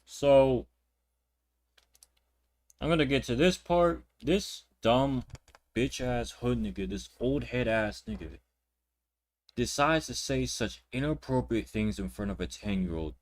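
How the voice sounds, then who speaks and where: Here the reaction commentary comes from a young man whose mid-range voice is animated but unhurried, broken up by long pauses. He rants with indignation at the clips, swearing, repeating words and starting sentences over.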